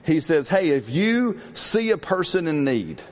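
A middle-aged man preaching a sermon in a lively, conversational way, often asking his congregation questions. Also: on the high side, unhurried. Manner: animated, call-and-response with congregation. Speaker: pastor.

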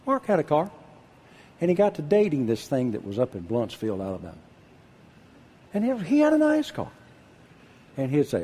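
An older man preaching a sermon, husky-voiced, dropping to a hush and then calling out loud. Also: medium pitch, normal speed, long pauses, a little hiss or hum. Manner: animated preaching, drops to a hush then shouts out. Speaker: pastor.

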